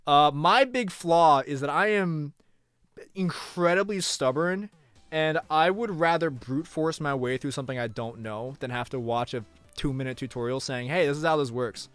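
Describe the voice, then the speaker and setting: A young man chatting casually on a live stream, talking to his chat, moving between mock outrage and low mumbling asides. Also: moderate pace, a bit bright, smooth, dry recording. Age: young adult.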